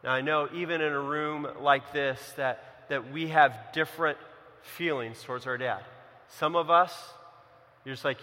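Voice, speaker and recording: A man's voice: on the high side, steady tone, unhurried. Young preacher man in a big hall. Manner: storytelling, swings from loud emphasis to hushed. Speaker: pastor. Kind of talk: sermon. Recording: hall reverb.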